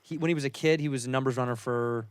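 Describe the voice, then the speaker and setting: A man's voice: mid-range voice, very fast, smooth, dry recording. A man, a comedian hosting a podcast, chatting casually in a loose, profane way and acting out the voices of people he describes. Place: podcast studio. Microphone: studio mic.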